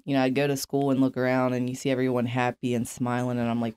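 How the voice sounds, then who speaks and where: A woman's voice: extremely low pitch, brisk, darkish tone, clear, resonant tone. A young woman as an interview guest, telling her life story candidly and bluntly, with frequent swearing and fillers. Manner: blunt, profane, many fillers.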